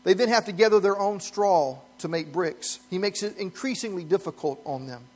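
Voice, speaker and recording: A man's voice: sits high, moderate pace, a little mellow. A man pastor delivering a sermon in an earnest, emphatic preaching manner, chuckling lightly now and then.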